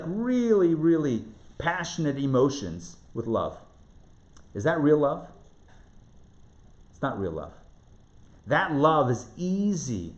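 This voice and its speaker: A man who is a rabbi teaching a live class, asking rhetorical questions and repeating phrases for emphasis. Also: mid-range voice. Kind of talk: live lecture on Jewish spiritual text. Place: lecture room in front of a live audience. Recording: roomy, somewhat dull live recording.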